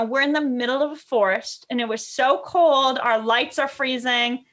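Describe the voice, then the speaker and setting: A woman dog trainer chatting as a podcast guest, telling animated stories and acting out what people said. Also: sits high, normal speed. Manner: animated storyteller, acts out quotes. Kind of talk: casual podcast chat.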